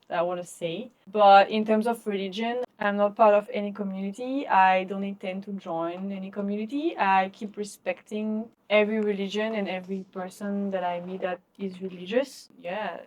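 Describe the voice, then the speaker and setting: A young woman co-hosting a podcast, talking in a relaxed, reflective way with many "you know"s and "like"s. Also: mid-range voice, moderate pace, few pauses. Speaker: podcast co-host. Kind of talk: casual conversation.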